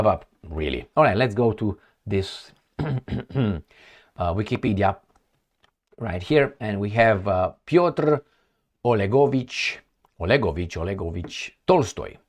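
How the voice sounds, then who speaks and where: A middle-aged man talks through news articles in a loose, off-the-cuff way. His voice sits fairly low, and he often breaks into sarcastic asides. His speech is full of fillers and false starts. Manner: sarcastic, rambling, many fillers and restarts. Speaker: political commentator. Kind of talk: off-the-cuff commentary reading news articles aloud.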